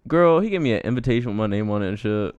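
Fast-talking, lively gossipy man. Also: fairly low pitch, clear, resonant tone, muffled recording. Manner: gossipy, slangy, animated storytelling with laughs. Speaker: podcast co-host. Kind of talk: casual chat.

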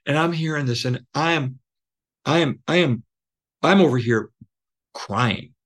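A man guest telling a personal story, earnest and emotional, halting with many fillers and restarts. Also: medium pitch. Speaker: podcast guest.

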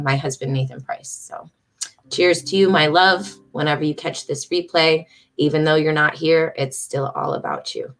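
A woman in her thirties hosting a livestream from home, chatting with viewers and reading her own writing aloud. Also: deep voice. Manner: emotional, chatty, reads aloud warmly. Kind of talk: casual livestream chat and poetry reading.

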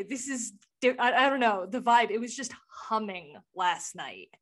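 A young woman co-hosting a podcast in casual chat, swearing freely and retelling scenes with animated, laughing asides. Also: high voice, normal speed. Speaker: podcast co-host.

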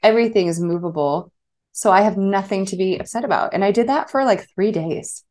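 A woman in her thirties talks casually, in a middle-pitched voice that sits at an ordinary height. She tells her story with animation and breaks into laughter often. It sounds like relaxed chat between two people. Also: a little fast. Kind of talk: casual conversation.

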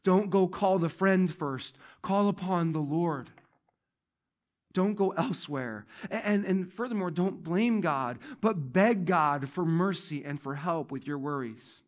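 A male pastor with a high-pitched voice delivers an unhurried sermon in church. He sounds conversational, repeats his key phrases, and alternates between loud emphasis and quieter asides.

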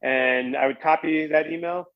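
A man's voice: on the high side, fairly even intonation, moderate pace, dry recording. Man, podcast guest, rambling storyteller, dry close sound, slightly dull lo-fi audio. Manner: rambling, frequent "like" and restarts. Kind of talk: casual storytelling.

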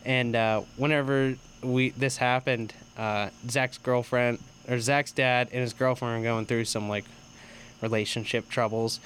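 A young man co-hosting a casual podcast, telling stories with lots of swearing and loud, high bursts of laughter. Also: unhurried, slight background noise. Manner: profane, animated storytelling with loud high laughs. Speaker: podcast co-host. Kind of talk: casual storytelling chat.

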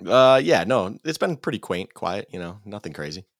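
Low-voiced easygoing podcast co-host. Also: male voice, big pitch swings, moderate pace, gravelly, no room sound, studio quality. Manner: easygoing, chatty storytelling. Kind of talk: casual sports podcast chat.

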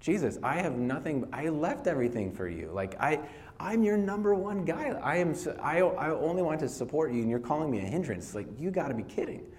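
A loyal disciple, played by a male preacher, protests in a raised, pleading voice. He sounds stung and indignant, with his pitch pushed well up. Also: lively intonation, brisk, darkish tone, natural voice. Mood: wounded disbelief.

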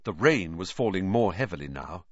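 A man narrating a children's fantasy novel in a dramatic, lively reading. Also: sits low, normal speed, no echo, lo-fi sound. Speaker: audiobook reader. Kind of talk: storybook narration.

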